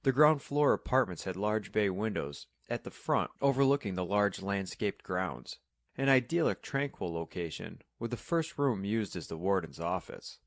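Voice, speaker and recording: Brief: calm male narrator, low voice, dry close sound, steady storybook delivery. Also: moderate pace, no room sound. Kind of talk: scripted audiobook narration.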